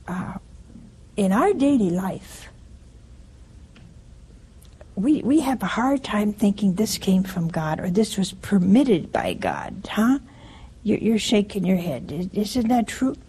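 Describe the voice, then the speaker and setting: A woman's voice: medium pitch, big pitch swings, takes it slowly, pauses often, dark tone, breathy edge, low-quality recording. A woman giving a conversational sermon in a homely way, often asking her listeners rhetorical questions. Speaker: preacher.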